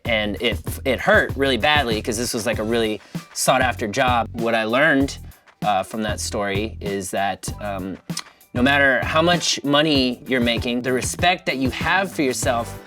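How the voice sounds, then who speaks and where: A male comedian telling a story with crude, animated delivery and lots of profanity. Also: medium pitch, normal speed, distant mic, faint music behind. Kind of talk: stand-up storytelling.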